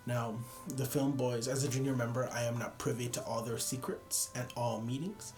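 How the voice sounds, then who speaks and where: A young man in casual chat, tired and yawning, rambling and poking fun at himself. His voice sits at an average pitch. Faint music plays quietly beneath him. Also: steady tone, normal speed. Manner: rambling, self-deprecating, laughs at own jokes. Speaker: photography vlogger.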